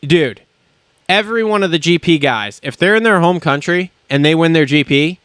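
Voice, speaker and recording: A man's voice: fairly high pitch, sing-song, moderate pace, a bit bright, no echo. A man hosting a podcast from a studio, ranting in a blunt, profane and indignant way. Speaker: podcast host. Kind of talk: heated podcast rant.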